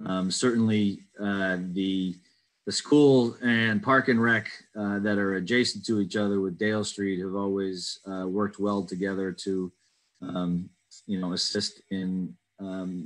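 A man's voice: lowish voice, low-quality recording. A man chairing an online town committee meeting, reading out residents' questions and answering them carefully with many ums and uhs. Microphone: video call.

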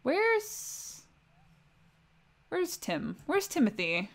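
A woman's voice: mid-range voice, normal speed, fairly bright tone. Chatty young woman streaming a life-sim game. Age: young adult. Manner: chatty, talks to her game characters. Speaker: livestreamer. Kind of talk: casual gameplay commentary.

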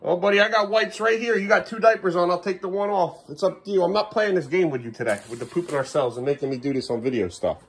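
A man's voice: high-pitched, fast, hardly any pauses, slightly rough. A man filming his kids at home in a casual vlog, exasperated and half-laughing as he talks to them. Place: family home.

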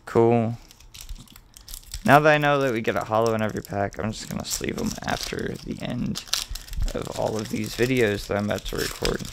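A man hosting his own video, calmly listing card names as he opens packs and getting excited at the good pulls, with the odd swear word. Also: medium pitch, vocal fry, clean tone. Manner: relaxed, mildly profane. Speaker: host. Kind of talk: casual card-opening commentary.

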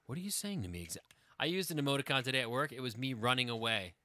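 A man's voice: mid-range voice, animated, very fast, pushed and bright, no echo. A man hosting a casual live stream with his wife, rambling and chatty, breaking off and restarting his thoughts, and reading silly word-game stories aloud with mock seriousness.

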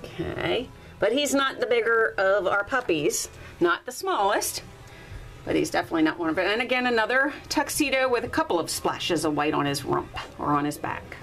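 A woman breeder talking casually while filming her puppies one-handed indoors, now and then cooing at them in a high baby-talk voice. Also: expressive, normal speed, creaky, music in the background, low-quality recording. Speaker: dog breeder. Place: indoors at a puppy litter area. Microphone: handheld camera, filming one-handed.

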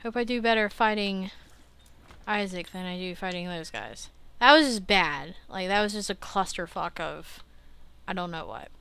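Bright-voiced woman narrating her gameplay. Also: lowish voice, normal speed, creaky, clear, resonant tone. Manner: animated, talks to the game, swears. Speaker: gaming channel host. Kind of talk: let's play commentary.

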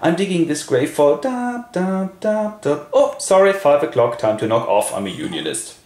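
A man voicing a gruff working-class gravedigger who speaks bluntly and mumbles. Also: a little high, very animated, moderate pace, a little mellow, pitched above the performer's own voice. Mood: deferential. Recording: roomy echo, faint noise.

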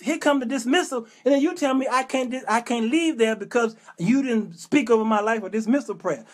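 A middle-aged man hosting his own talk show, venting in an animated, exasperated comic rant full of rhetorical questions and casual vernacular. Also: extremely high pitch, fairly quick, few pauses. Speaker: show host.

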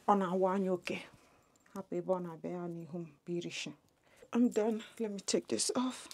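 A woman talks through her makeup routine, half to her viewers and half to herself. Her voice is soft and warm, and she sits close to the camera at home. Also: medium pitch, fairly even intonation, moderate pace, slightly rough. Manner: chatty, muttering to herself while doing makeup. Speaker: beauty vlogger. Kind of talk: get-ready-with-me makeup chat.

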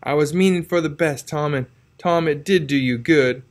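A man's voice: high voice, normal speed, fairly bright tone, voice pushed up. A man voicing a stern old aunt who scolds her nephew, in a storybook reading. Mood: softened. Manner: exclaiming, reproachful questions.

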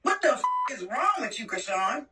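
A woman's voice: fairly high pitch, sing-song, moderate pace, recorded from a distance, very noisy. A woman in a heated, profane rant scolding her sister, repeating herself and swearing. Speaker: sister ranting online. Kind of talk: angry recorded rant.

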